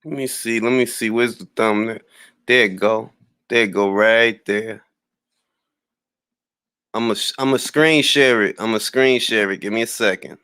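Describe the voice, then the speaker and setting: A man's voice: fairly low pitch, unhurried, pauses often, sharp tone, clean tone, no echo, clean studio sound. A man hosting a boxing talk livestream, ranting and trash-talking a rival with mocking laughs and greeting chat viewers. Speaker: boxing talk show host.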